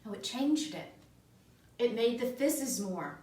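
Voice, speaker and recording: A woman co-hosting a wine podcast, reacting quickly with short tasting remarks and frequent laughs. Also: a little high, expressive, a little mellow. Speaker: podcast co-host. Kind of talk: casual wine tasting chat. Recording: echoey room, mic at a distance.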